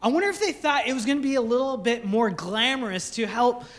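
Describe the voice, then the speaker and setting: A young man preaches in a notably high voice. He is a pastor telling stories with humor, and he acts out little scenes as he goes. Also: brisk, fairly bright tone. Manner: playful storytelling with jokes and acted-out scenes. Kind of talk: sermon.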